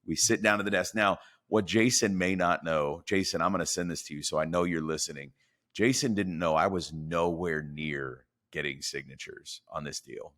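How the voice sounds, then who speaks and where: A man's voice: deep voice, normal speed. A man telling a story from his sales career as a podcast guest, acting out the voices in it. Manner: animated storyteller acting out dialogue.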